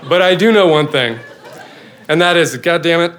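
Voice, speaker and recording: Lively, self-mocking storytelling father. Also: fairly high pitch, normal speed, some chatter behind, slight background noise. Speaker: father telling a personal story. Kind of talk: live storytelling performance.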